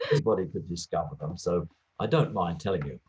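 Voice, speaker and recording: A man who works as an English teacher and former examiner, talking through teaching advice in a relaxed interview and acting out little classroom exchanges. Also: low voice, fast talker, muffled recording, a little hiss or hum. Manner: lively, acts out little classroom dialogues. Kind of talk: conversational interview.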